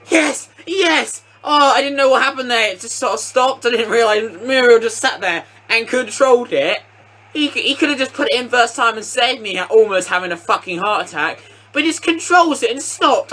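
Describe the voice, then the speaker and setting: A young man giving excitable, sweary live commentary on a football video game, shouting at goals. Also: high voice. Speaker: gaming commentator.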